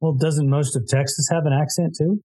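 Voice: mid-range voice, steady tone, moderate pace, mellow, husky. An interviewer asking casual questions and sometimes stumbling over the first words.

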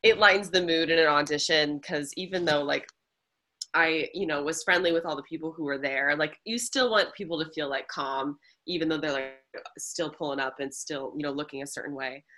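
Low-voiced, bright, gushing woman. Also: steady tone, moderate pace. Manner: warm, gushing, chatty. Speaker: podcast co-host and choreographer. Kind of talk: casual chat.

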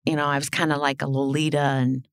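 Middle-aged woman, podcast guest, very low voice, blunt animated storytelling. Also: fast talker, clean tone, dry recording, studio quality. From Illinois. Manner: animated, swearing, acts out quoted dialogue. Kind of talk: casual storytelling interview.

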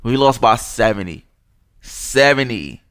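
Furious profane man ranting slowly. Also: medium pitch, very animated, fairly bright tone, no room sound, clean studio sound. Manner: furious, disgusted, swearing, mocking. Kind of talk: angry profane rant.

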